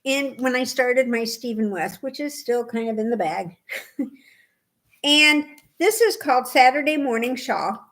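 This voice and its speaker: Podcast co-host, woman from Indiana; animated, laughing storyteller in relaxed chat, voice a touch high. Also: unhurried. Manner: animated storyteller, laughs often, acts out quoted dialogue. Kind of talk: casual chat.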